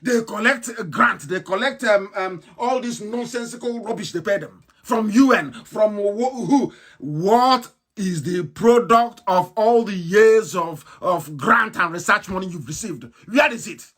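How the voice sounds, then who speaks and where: A man giving an impassioned live broadcast speech, ranting with scorn, firing rhetorical questions and breaking into shouts. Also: high voice, measured pace, hardly any pauses. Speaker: political activist broadcaster.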